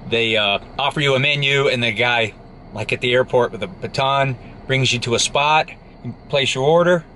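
A man's voice: mid-range voice, moderate pace, bright, forceful tone, slight background noise. A middle-aged man, chatting casually to a handheld camera for his vlog and exclaiming over his food. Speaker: outdoor vlogger.

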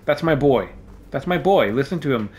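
Here a man with a medium-pitched, darkish voice talks at normal speed with lively intonation. He's a gaming YouTuber playing at home, joking through casual let's-play commentary and yelping at scares, recorded on a desk microphone in a home room.

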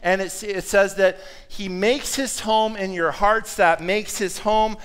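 A man delivers a sermon in a church, his voice sitting high and ringing out clean and smooth. He tells stories in a conversational, self-deprecating way, dropping in quick asides to the congregation. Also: fairly even intonation, a bit bright. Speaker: pastor.

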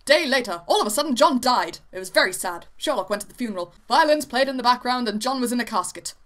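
Young woman narrator, deadpan amateur storytelling for a fan cartoon, bright tone. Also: a little high, fast.

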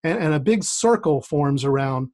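A man's voice: on the high side, animated, moderate pace, darkish tone. A man telling a personal story on a streamed storytelling show, chatty and self-deprecating, with many restarts. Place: remote setup with a rained-on playground backdrop.

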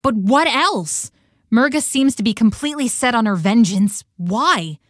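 A woman's voice: a little high, expressive, measured pace, no echo, clean studio sound. A woman voicing an earnest young heroine who talks in a thoughtful, reasoning way, in a video game.

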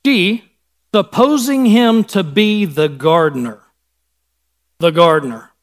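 Pastor, male, Midwestern American accent, high voice, chatty sermon delivery that slips into voices for the Bible scenes. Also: slow pace. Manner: conversational, acts out Bible scenes in casual voices.

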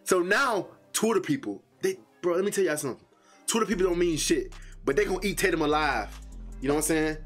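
A man hosting a reaction video, talking casually and profanely, swinging between loud high outbursts and low muttering. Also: expressive, fast, soft background music.

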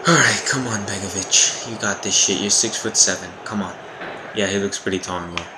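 A young man reacts out loud as he plays a football video game, swearing freely and jumping from mutters to shouts. His voice sits fairly low, and a steady hum of noise runs behind him. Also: brisk. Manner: excitable, profane, yelling at the game. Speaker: gaming YouTuber. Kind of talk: live gameplay commentary.

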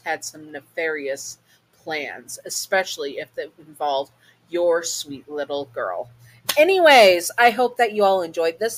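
A woman narrates a fan story straight to the listener in a relaxed, chatty way. Her voice sits on the lower side for a woman. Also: rough recording. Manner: casual, chatty. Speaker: storyteller, channel host. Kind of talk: second-person storytelling.

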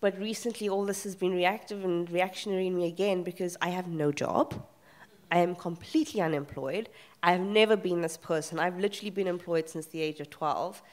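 A woman panel guest at a live festival talk, telling a painful family story candidly and emotionally, with many pauses and fillers. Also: fairly low pitch. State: emotional, near tears. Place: festival event room.

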